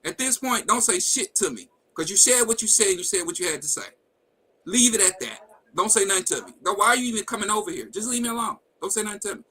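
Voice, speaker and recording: Hosting a live talk stream on a video call setup, this man has a high, pushed, bright and slightly rough voice, talking fast and expressively in a rough recording. He's an adult with a wife and kids, recounting a personal story in a blunt, profane, heated way and performing the quoted lines.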